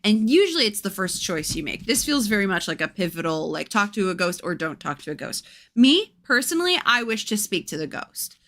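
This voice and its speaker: A woman's voice: lowish voice, expressive, fairly quick, hardly any pauses, fairly bright tone. Playful, chatty young woman reading aloud. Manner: chatty, playful, breaks off to coo at her cats. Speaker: livestream host reading a book aloud. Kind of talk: casual chat and storybook read-aloud.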